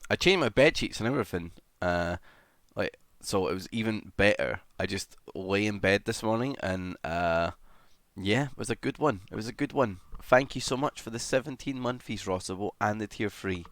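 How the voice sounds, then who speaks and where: A man's voice: on the low side, expressive, normal speed, a bit bright, no room sound. A young man livestreaming in casual chat, greeting viewers one by one and swearing casually.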